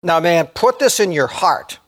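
A man preaching a sermon as pastor, earnest, slowing down and rising in fervor to stress key words. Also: on the high side, very animated, a bit bright.

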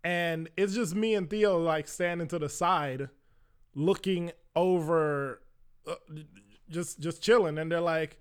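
Young male storyteller, slightly high voice, casual and chatty, fills gaps with filler words. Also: takes it slowly, clean tone. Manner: conversational, lots of "like" fillers, acts out quoted voices.

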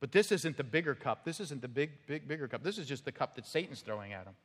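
A male pastor preaching an expository sermon, emphatic, with rhetorical "right?" checks and sudden drops to a quiet voice. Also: mid-range voice, lively intonation, quick pace. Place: church sanctuary. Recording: reverberant hall sound.

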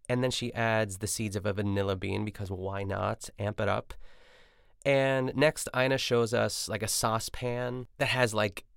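A man's voice: on the low side, gravelly, no echo, clean studio sound. A man hosting a podcast, recapping a cooking show in a casual, rambling way with lots of asides and self-corrections. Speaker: podcast host.

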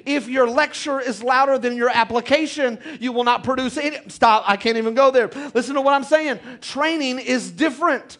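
A man with a very high voice preaches with energy, urging his congregation to respond. He drives his points home with repetition. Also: brisk, few pauses. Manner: animated preacher, calls out to congregation. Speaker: pastor. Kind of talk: sermon.

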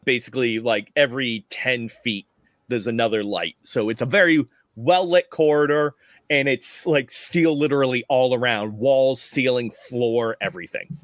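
A man narrating as game master of a tabletop game, relaxed and rambling with frequent laughs. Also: mid-range voice, moderate pace, dry recording, studio quality.

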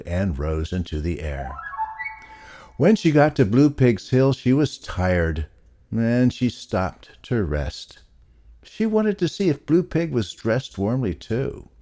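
A man reading a children's story aloud with a low voice. He takes his time, and his pitch rises and falls freely to bring the tale to life. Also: warm tone.

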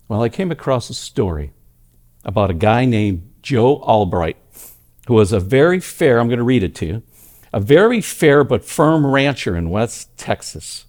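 A pastor with a mid-range voice speaks at a normal speed as he preaches a sermon at a church service. He tells stories with animated delivery, rising to loud emphasis and dropping to a hush.

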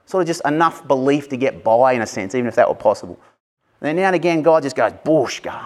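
Passionate, animated male preacher. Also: medium pitch, fast. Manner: passionate, animated, conversational with asides. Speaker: pastor. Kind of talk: Easter sermon.

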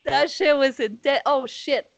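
A woman with a slightly high voice tells a rambling story, swearing freely and tossing in "bro." She acts out her own reactions as she goes. The sound is dry and close, with no room echo. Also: unhurried, gravelly, dull audio. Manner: profane, slangy, calls listeners "bro". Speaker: podcast co-host. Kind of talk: casual storytelling. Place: at home on a video call.

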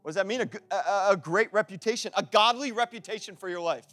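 A man preaching a sermon in a casual, conversational way, breaking into loud, emphatic bursts. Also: sits high, quick pace, soft background music.

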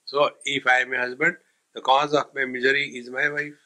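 Swami guy telling funny stories in a spiritual talk, bright clear voice, medium pitch. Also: little pitch movement, fairly quick, low-quality recording. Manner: storytelling with jokes, mixing in Hindi sayings. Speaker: swami teaching a spiritual text. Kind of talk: humorous spiritual discourse.

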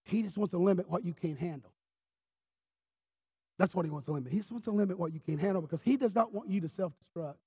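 Impassioned, husky-voiced preacher. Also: male voice, sits high, fast talker. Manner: impassioned storyteller, swinging from quiet to shouting. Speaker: pastor. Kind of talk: sermon. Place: church.

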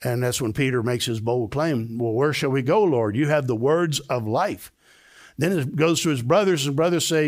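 An older man, a pastor, preaching a sermon with emphatic delivery that climbs to high, excited peaks. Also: moderate pace.

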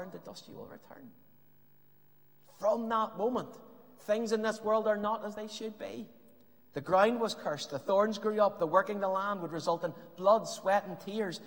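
A man preaching a sermon with impassioned, emphatic lines that sometimes drop to a hush. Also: sits high. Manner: impassioned preaching, rising emphatic lines, some hushed passages. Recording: long reverb of a hall.

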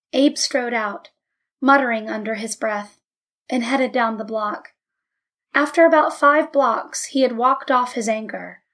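A woman narrating an audiobook in an even, measured storytelling manner. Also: on the high side.

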